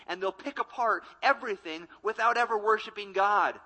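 A young adult man, a college ministry pastor, delivering a sermon with emphatic repetition and quick acted-out quotes. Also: high voice, sharp tone, rough recording.

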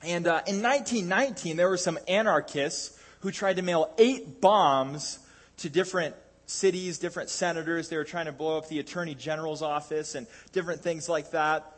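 A man's voice: fairly high pitch, normal speed. A man preaching a sermon in a conversational way, with jokey asides and frequent restarts.

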